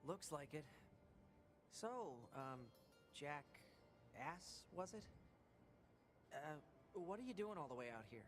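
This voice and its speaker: A man voicing a quick, wry young male android in a video game. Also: fairly high pitch, expressive, faint music behind.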